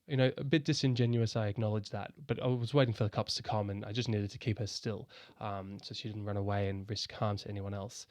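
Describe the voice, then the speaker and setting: A man's voice: lowish voice, steady tone, fast, hardly any pauses, a little mellow, no room sound. A man giving a casual, conversational explainer on handling someone in crisis, often restarting and repeating words. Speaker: educator explaining psychosis first aid.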